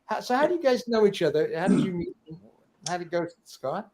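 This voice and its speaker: A man's voice: sits high, big pitch swings, brisk, darkish tone. A man hosting a casual livestream, reading viewer comments aloud and laughing often. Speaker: livestream host.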